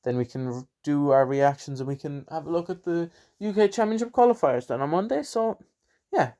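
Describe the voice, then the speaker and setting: Chatty Irish man, slightly high voice. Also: lively intonation, fairly quick, warm tone. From Ireland. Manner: rambling, chatty, self-deprecating. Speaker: podcast host. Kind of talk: casual solo podcast chat.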